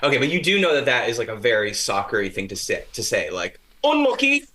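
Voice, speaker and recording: A man co-hosting a casual podcast, teasing the others with quick, playful riffs. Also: on the low side, expressive, pushed and bright. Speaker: podcast co-host. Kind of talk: casual chat.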